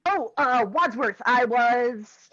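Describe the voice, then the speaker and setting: A woman's voice: on the high side, lively intonation, slow, fairly bright tone, no echo, highs cut off. A woman voicing a hesitant, flustered army colonel who stammers through lines in an amateur live script reading.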